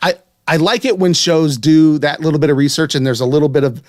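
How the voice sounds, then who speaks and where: A man from West Virginia chats on a podcast, his voice sitting a little high. He is amused and loose, often spelling words out letter by letter. The sound is dry and close. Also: fast talker, dry recording. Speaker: podcast co-host. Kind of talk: casual chat.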